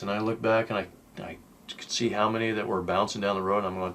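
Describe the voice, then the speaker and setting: A man's voice: on the low side, steady tone, moderate pace, a bit bright, slight background noise. An older man telling a personal story in a casual, rambling, folksy way, with lots of fillers and restarts. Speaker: channel host telling personal stories.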